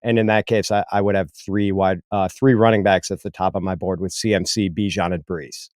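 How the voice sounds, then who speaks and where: Very deep-voiced man, easygoing and measured. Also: level tone, darkish tone, dry recording, studio quality. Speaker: podcast co-host. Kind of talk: casual sports analysis chat.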